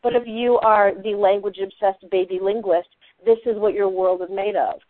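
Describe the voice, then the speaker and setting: A woman from Eastern Massachusetts speaks as an interview guest, animated and often restarting her sentences. Her voice comes through a thin, narrow phone line. The sound is dry, with no room around it. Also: medium pitch, normal speed, dry recording. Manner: animated, frequent restarts and laughter. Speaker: novelist guest. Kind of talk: conversational interview.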